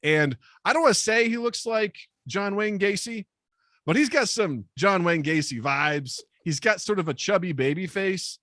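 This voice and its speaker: A man telling a comedic personal story in casual podcast chat, animated and self-deprecating, acting out the people he quotes. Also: high-pitched, moderate pace, no echo, clean studio sound.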